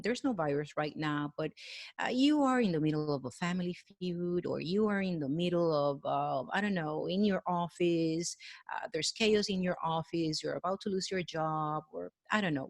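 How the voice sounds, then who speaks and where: Earnest, lower-pitched woman coaching listeners. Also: no room sound. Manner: earnest and encouraging, addresses listener directly. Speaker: wellness coach guest. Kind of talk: motivational talk with guided breathing.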